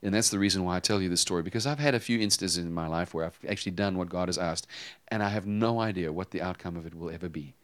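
A man preaching a sermon, telling a personal story with animated swings between loud emphasis and hushed tones. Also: low-pitched, fast talker, few pauses. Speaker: pastor.

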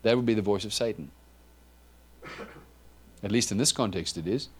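Low-voiced male preacher. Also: normal speed, husky. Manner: conversational, animated, with asides and restarts. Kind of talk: sermon.

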